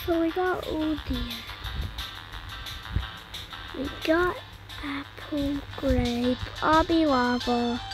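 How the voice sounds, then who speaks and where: A young girl giving casual gameplay commentary, getting excitable and frustrated at the game. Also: high voice, very slow, long pauses, over music. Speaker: gamer.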